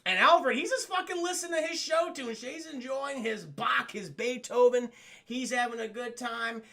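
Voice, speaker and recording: A man's voice: extremely high pitch, moderate pace. A man streaming a cartoon review, chatting casually and profanely and constantly addressing his chat. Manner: animated, keeps addressing chat, swears a lot.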